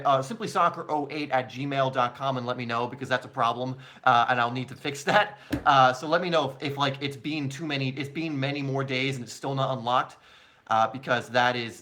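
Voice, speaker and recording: Young male host, bright tone, casual live Q&A, loose and chatty with fillers. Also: mid-range voice. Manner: casual, chatty, laughs often, many fillers. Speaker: soccer channel host. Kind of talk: live Q&A stream.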